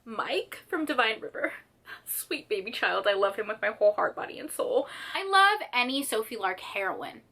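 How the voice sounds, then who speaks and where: A young woman talks casually to her viewers about her favorite books. She gushes in an animated way and fills her speech with "like". Her voice is bright and sits slightly high. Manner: gushing, animated, lots of "like". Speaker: book vlogger. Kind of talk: casual chat.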